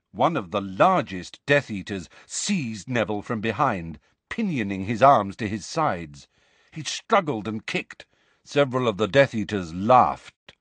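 A man narrating an audiobook in a measured, dramatic way. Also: fairly low pitch, fairly bright tone, no room sound. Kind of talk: scripted narration.

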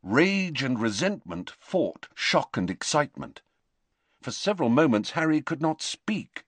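Man narrating a novel; lively melodic read, dry studio sound. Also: fairly high pitch, unhurried, dry recording. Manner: expressive, varied delivery. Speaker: audiobook narrator. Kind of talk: scripted narration.

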